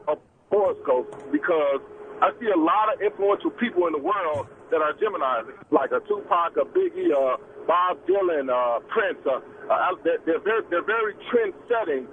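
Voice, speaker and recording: A man from Chicago calling in to a radio talk show, speaking haltingly with many restarts. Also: fairly high pitch. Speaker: caller. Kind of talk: phone-in call. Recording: tinny phone line with faint noise.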